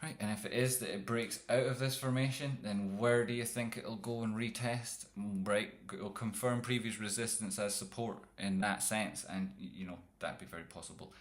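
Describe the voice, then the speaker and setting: A man's voice: fairly low pitch, steady tone, moderate pace, few pauses. Rambling, jokey man breaking down charts. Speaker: trading streamer. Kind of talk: live chart analysis.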